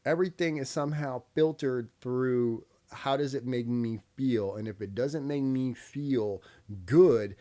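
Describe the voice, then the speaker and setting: A man's voice: mid-range voice, measured pace, hardly any pauses, warm tone. Guy in his 30s doing a reaction vid, cussing a lot, laughing, just blunt casual talk. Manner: blunt, profane, laughs between remarks. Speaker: reaction video host. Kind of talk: casual commentary.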